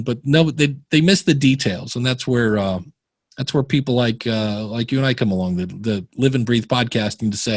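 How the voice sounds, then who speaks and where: A man's voice: mid-range voice, normal speed, dry recording. A man telling stories in a casual podcast interview, often acting out the voices of the people he quotes. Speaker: podcast guest.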